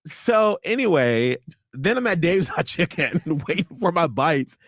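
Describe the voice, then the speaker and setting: A man's voice: a little high, a little slow, dry recording, clean studio sound. A man co-hosting a radio show, telling a story with frequent laughter. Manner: laughs often, lively storytelling. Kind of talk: casual chat.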